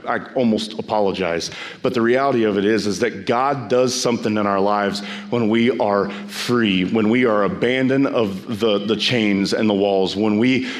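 Emphatic preaching man. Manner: emphatic, repeats phrases, rises to high pitch when exhorting. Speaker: pastor. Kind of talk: sermon.

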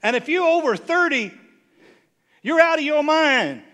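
A man's voice: extremely high pitch, expressive, unhurried, bright, forceful tone. A middle-aged man preaching a sermon as a bishop, snarky and conversational, teasing his listeners.

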